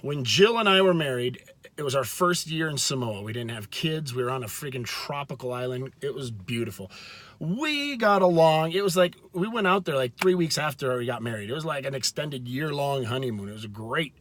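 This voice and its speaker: A man talking earnestly to his viewers in a casual faith talk, with frequent restarts and slow, stressed words. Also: medium pitch, lively intonation, fairly bright tone. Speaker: video host.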